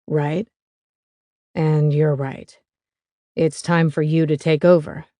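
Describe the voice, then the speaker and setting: A woman voicing a gruff older father and builder handing over his business, speaking in a halting, hesitant way. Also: sits low, flat delivery, dark tone, dry recording.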